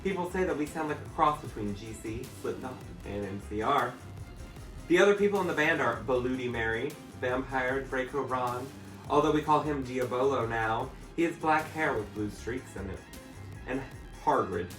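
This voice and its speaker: A man who is a drag performer gives a campy, comic dramatic reading of a fanfic and breaks into laughter. His voice is medium-pitched, moderately paced, and fairly bright, captured from a distance in an echoey room with faint music.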